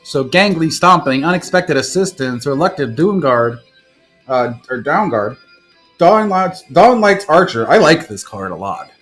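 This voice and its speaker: A young man on a live stream, casually opening card packs and rattling off card names, with bursts of excitement. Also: on the high side, a little slow, soft background music.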